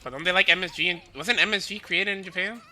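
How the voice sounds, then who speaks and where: A man's voice: high-pitched, fast talker, sharp tone. A man with a Southern US accent, chatting loosely on a livestream and padding his talk with "like". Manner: loose, rambling, peppered with "like". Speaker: streamer. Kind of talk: casual chat.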